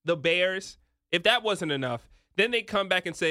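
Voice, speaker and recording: A young man giving sports betting picks in an emphatic, excitable talk-show manner. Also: high voice, normal speed, no echo, studio quality. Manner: emphatic, rising to excited near-shouts.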